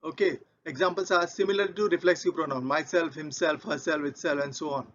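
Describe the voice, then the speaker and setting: Man explaining grammar, fairly high, dull-sounding. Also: steady tone, a little fast, fairly bright tone. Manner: repetitive, methodical explaining with example sentences. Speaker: English grammar teacher. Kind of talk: explaining grammar over slides. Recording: dull lo-fi recording.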